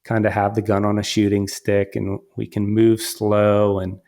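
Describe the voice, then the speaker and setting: Low-voiced man telling a hunting story. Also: moderate pace, vocal fry. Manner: animated, quotes himself and others, frequent restarts. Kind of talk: casual storytelling.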